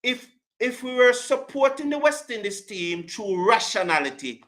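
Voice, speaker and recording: A man's voice: very high-pitched, sing-song, normal speed, fairly bright tone. A man hosting a cricket live stream, answering chat comments with passion, emphasis and lots of repetition. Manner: passionate, emphatic, repeats himself. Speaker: cricket show host.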